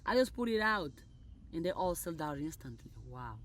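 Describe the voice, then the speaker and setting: A woman's voice: on the low side, big pitch swings, normal speed, slight background noise. Exuberant woman chanting affirmations. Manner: exuberant, repetitive, rising loud bursts. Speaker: motivational creator. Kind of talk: spoken affirmations.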